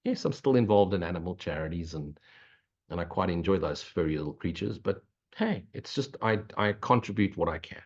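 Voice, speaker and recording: A man's voice: deep voice, expressive, a little fast. An older man giving an earnest, preachy spiritual talk, answering questions and dropping in blunt swearing. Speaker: spiritual teacher. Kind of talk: spiritual Q&A monologue. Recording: dull lo-fi recording.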